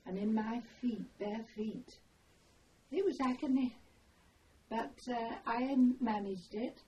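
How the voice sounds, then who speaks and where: An older woman telling her memories in an oral history interview, with an unhurried, meandering way of telling a story. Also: a little high, dark tone, dull audio. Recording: distant mic, faint background noise.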